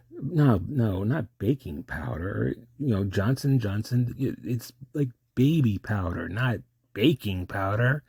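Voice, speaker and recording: A man's voice: lowish voice, lively intonation, slow pace, creaky, darkish tone, slightly rough, no room sound, studio quality. A man in a rambling, improvised comic monologue, often losing his train of thought and trailing off.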